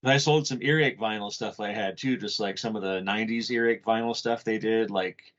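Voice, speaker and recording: A man's voice: fairly low pitch, brisk. A man co-hosting a podcast in casual chat, rambling and swearing freely. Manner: profane, rambling, animated. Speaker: podcast co-host. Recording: muffled lo-fi audio.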